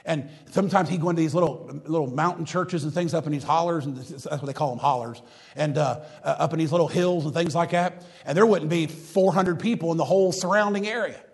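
Preacher, high voice, fervent and repetitive, ramps up to loud emphatic preaching. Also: male voice, brisk, creaky. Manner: reads scripture in old-fashioned wording. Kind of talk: sermon.

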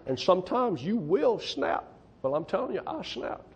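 A man's voice: high-pitched, very animated, normal speed, slight background noise. A man preaching a testimony sermon as a missionary to a church congregation, folksy and emphatic, often repeating himself for stress. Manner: folksy, emphatic, repeats "I'm telling you".

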